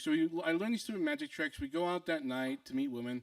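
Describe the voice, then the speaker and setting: A man's voice: fairly high pitch, wildly swooping pitch, fast talker, gravelly, hardly any pauses, no echo, recorded from a distance. A young adult man telling a comic personal story to an audience, acting out other people's lines between fillers and restarts.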